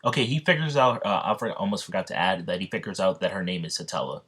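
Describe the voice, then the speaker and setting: A man retells a fan story in a loose, off-the-cuff way, rambling and stopping to correct himself. His voice is low and deep, and the telling stays unscripted. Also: fast talker, fairly bright tone, breathy edge.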